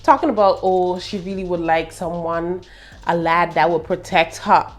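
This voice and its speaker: A young British woman reviewing a TV show in a casual, animated way, laughing and throwing in slangy asides. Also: lowish voice, normal speed, faint music behind. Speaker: TV review vlogger.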